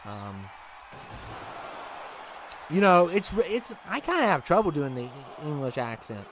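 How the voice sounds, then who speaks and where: A man's voice: fairly high pitch, sing-song, unhurried, a bit bright, slight background noise. Chatty man hosting a livestream. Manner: chatty, rambling, laughs easily. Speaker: livestream host. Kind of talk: casual chat with viewers.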